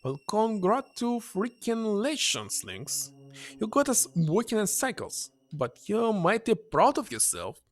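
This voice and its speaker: Brash young thief girl, read by a man, loud and mocking, husky. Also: sits high, wildly swooping pitch, extremely slow, pauses often, no room sound, voice pushed up, exaggerated voice. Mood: brash taunting.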